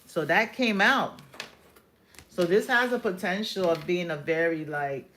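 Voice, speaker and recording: A woman giving a live-stream tarot reading, explaining cards in an unhurried, reassuring way with many fillers. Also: on the low side, a bit bright, slight background noise. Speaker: tarot reader.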